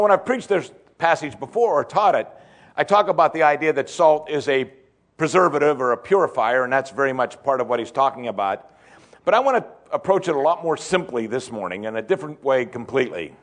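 A man preaching a sermon to his congregation, asking them questions and building to emphatic, excited peaks. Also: mid-range voice. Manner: asks the congregation direct questions. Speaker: pastor.

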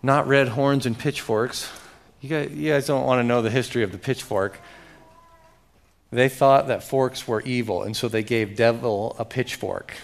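A man preaching a sermon, reading scripture dramatically and urging his listeners directly, with sudden loud rises. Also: mid-range voice, fairly even intonation, normal speed, creaky. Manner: speaks directly to the audience, urging and emphatic.

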